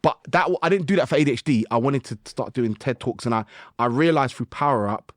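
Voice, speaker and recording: A guest musician from the United Kingdom chats on a podcast, telling stories animatedly with slang and acted-out self-talk. His mid-range voice is brisk, and the recording is dry with clean studio sound.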